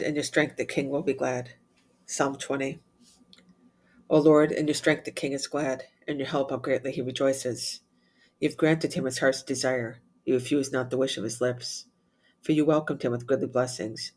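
Man reciting liturgical prayers. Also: mid-range voice. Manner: steady measured recitation, rattles off Latin refrains quickly and softly. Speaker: prayer leader.

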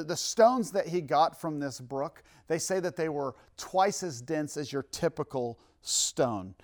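A man preaching a sermon and reading scripture aloud, with casual asides and self-corrections, building to loud, emphatic peaks. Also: on the high side.

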